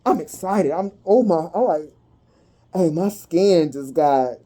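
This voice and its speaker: Hyped up lady doing a tarot reading, slangy, whoops now and then, kinda mellow dark tone. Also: on the low side, slow pace. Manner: animated slangy talk with sudden whoops. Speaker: tarot and energy reader. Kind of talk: excited spiritual reading to viewers.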